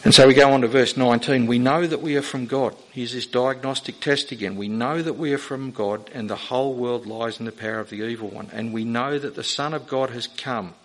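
A man delivering a sermon from the pulpit. He speaks earnestly at a middle pitch, pressing his listeners with rising, emphatic questions. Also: fairly even intonation, fairly quick, poor audio. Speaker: pastor.

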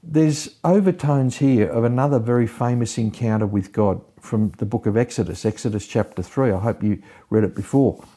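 A man giving an expository Bible teaching, retelling scripture in a measured, explanatory way. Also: mid-range voice, mellow.

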